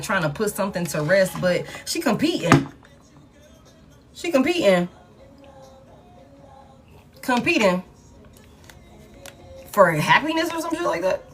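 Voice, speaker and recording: A woman, chatting casually to her viewers as she reads tarot cards aloud in a live stream. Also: medium pitch. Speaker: tarot reader.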